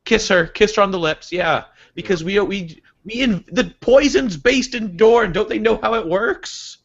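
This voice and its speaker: A man's voice: high-pitched, unhurried, vocal fry, a bit bright, highs cut off. A man in a casual livestream discussion, emphatic and critical, prone to exasperated rants.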